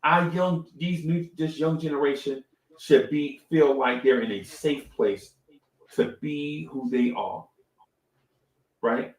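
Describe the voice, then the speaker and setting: Animated middle-aged man, echoey room. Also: medium pitch. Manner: animated storytelling, repeats phrases, says "right?" often. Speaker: podcast co-host. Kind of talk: casual live-stream talk.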